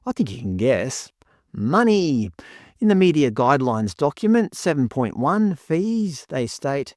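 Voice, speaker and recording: A man's voice: fairly high pitch, very animated, unhurried, a little mellow, no room sound, studio quality. A man delivering scripted commentary in a sarcastic, indignant way. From Australia. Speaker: commentary vlogger.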